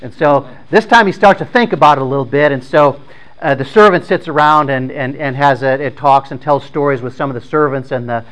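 A man tells a story out loud in an informal, conversational way. His voice sits at an ordinary middle pitch. He often stumbles, repeats words and starts phrases again as he goes. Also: poor audio. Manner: halting, with frequent repeated words and restarts; conversational, plain-spoken.

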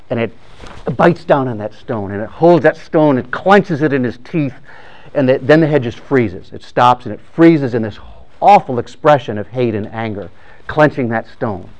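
A man telling a story in a sermon, speaking conversationally with frequent restarts. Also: mid-range voice.

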